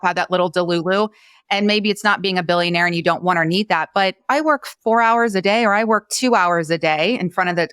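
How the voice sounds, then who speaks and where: A woman hosting a podcast interview, speaking in a gentle, thoughtful and encouraging way. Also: fairly low pitch, clean tone, dry recording, studio quality. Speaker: podcast host. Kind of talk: conversational interview.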